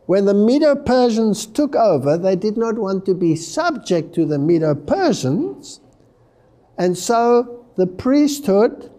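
A man's voice: high-pitched, mellow. A man giving a Bible prophecy lecture, reading scripture aloud with dramatic emphasis.

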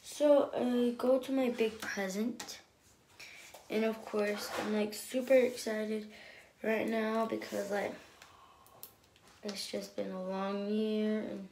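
A young woman telling a casual storytime, chatty and excitable, with many fillers. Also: mid-range voice, slow, pauses often, slight background noise.

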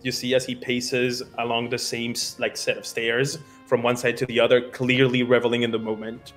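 A man runs a tabletop game, narrating scenes in a loose, chatty way. He speaks at a middling pitch and leans on fillers as he paints each moment. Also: monotone, moderate pace, a bit bright, faint music behind. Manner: casual, loose, many fillers. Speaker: game master.

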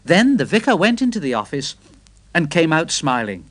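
A man reading a children's railway story aloud, gentle and expressive. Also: on the high side, moderate pace, no room sound.

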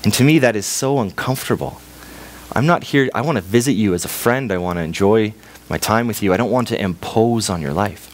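Young Canadian man, church sermon, lowish voice, storyteller's delivery. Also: a little fast, slight background noise. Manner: storytelling, acts out voices in a parable. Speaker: preacher.

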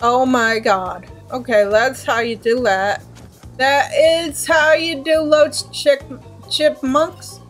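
A woman's voice: high voice, steady tone, slow pace. A young woman commenting on her own gameplay, exasperated and self-mocking, slipping into sing-song complaints. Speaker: let's play gamer. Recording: faint game music behind.

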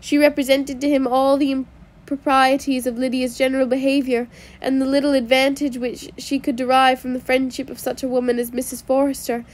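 A woman reads a classic novel aloud for an audiobook, her voice sitting high. She keeps a steady reading pace and now and then stumbles over a word and starts it again. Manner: reads with small slips and restarts. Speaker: audiobook reader.

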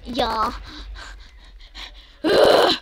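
A young gamer girl giving excitable, shouty commentary while playing online, yelling at other players. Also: on the high side, extremely slow, slight background noise.

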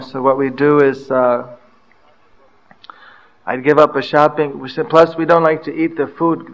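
An older man giving a scripture class, telling stories from his travels and pausing often with fillers. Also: fairly high pitch, poor audio. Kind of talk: anecdotal scripture lecture.

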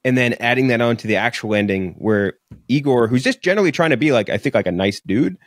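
A man's voice: mid-range voice, animated, quick pace, no echo, clean studio sound. A young man co-hosting a podcast, reviewing a film in casual chat, rambling with lots of fillers and swearing. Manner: rambling, filler-heavy, profane. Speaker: podcast co-host. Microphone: studio podcast mic.

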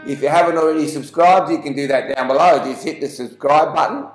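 Aussie bloke telling jokes, kinda high voice, echoey room, bit of guitar music faint behind. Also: male voice, fast talker. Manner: chatty, folksy storyteller. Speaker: joke channel host. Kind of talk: casual joke telling to camera.

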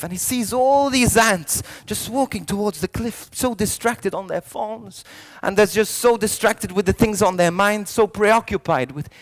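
A priest telling a story in a youth sermon, swinging from soft lines to loud ones and often restarting his words. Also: high voice. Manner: animated storyteller, jumping between hushed lines and loud shouted quotes; frequent restarts and repeated words.

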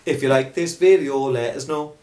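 A man's voice: mid-range voice, normal speed, darkish tone, slight background noise. A man joking around with a friend while filming, throwing in silly sounds. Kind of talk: casual chat.

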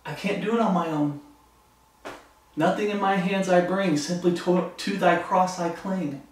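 High-pitched preacher guy, fired up, super echoey room, mic far off. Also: unhurried. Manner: fervent, acts out quoted voices. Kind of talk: sermon.

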